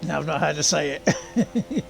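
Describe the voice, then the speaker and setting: A man's voice: on the high side, lively intonation, unhurried, creaky, faint music behind. A man streaming a racing game in casual, rambling chat, often laughing and greeting viewers. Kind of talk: casual gaming livestream chat.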